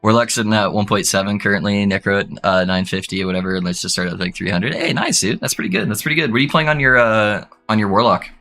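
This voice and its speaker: Bright-voiced male streamer, faint music. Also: lowish voice, quick pace, hardly any pauses. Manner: excited whoops and laughs between relaxed chatter. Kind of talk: casual gaming stream chat.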